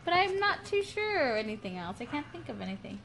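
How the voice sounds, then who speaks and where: A woman's voice: high voice, very animated, quick pace, a bit bright, slight background noise. A woman in a casual chat, hesitant and searching for words as she tells a memory. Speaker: podcast co-host.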